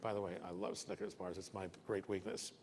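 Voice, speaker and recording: A man's voice: low voice, flat delivery, brisk, darkish tone, a little hiss or hum. An older man giving a keynote business talk, a folksy storyteller who jokes and checks in with his listeners. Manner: folksy, joking storyteller who asks "okay?" often. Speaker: keynote speaker. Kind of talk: business lecture with anecdotes. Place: breakfast event hall. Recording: echoey hall with long reverb.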